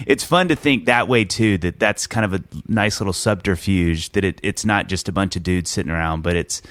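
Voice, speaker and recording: Enthusiastic low-voiced male podcast host. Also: brisk, a bit bright, dry recording. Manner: enthusiastic, rambling, stammering restarts. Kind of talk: casual podcast chat and ad read.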